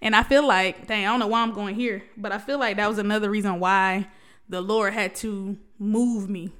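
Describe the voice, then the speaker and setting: A young woman speaks straight to her viewers in a candid personal talk. Her voice sits at an ordinary middle pitch and sounds smooth and clear. She testifies with feeling, laughs often and stumbles into restarts. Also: fairly even intonation, normal speed, a bit bright. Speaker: vlogger sharing a personal story.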